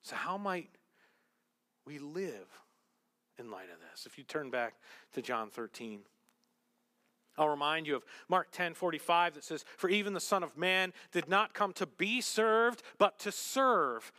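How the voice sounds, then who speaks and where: A man preaching a sermon, animated, with joking asides, swinging between loud emphasis and hushed remarks. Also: a little high, a little slow. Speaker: pastor. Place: church sanctuary. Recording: long reverb of a church hall.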